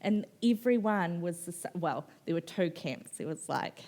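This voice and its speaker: Candid, laughing New woman, low-pitched. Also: normal speed. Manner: candid, animated, swears, laughs often, acts out quotes. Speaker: author guest at a book festival. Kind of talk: on-stage conversation, personal storytelling.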